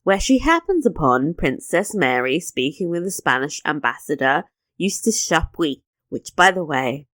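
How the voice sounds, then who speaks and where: A woman's voice: sits low, very animated, normal speed, fairly bright tone, no room sound. A woman co-hosting a podcast, recapping a TV episode in casual chat with sarcastic asides. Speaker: podcast co-host.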